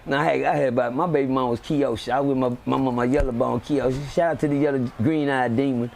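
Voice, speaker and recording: A man telling a street story on a live stream, animated and acting out the voices of the people in it. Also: medium pitch, fast, vocal fry, a little hiss or hum. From Texas. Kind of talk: casual storytelling.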